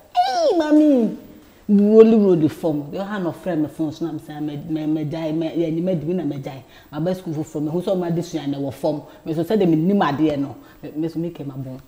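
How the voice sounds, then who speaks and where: A Ghanaian woman in her thirties, a talk show guest telling a personal story in lively casual chat, often repeating words as she goes. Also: low voice. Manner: animated, repeats words, laughs while telling.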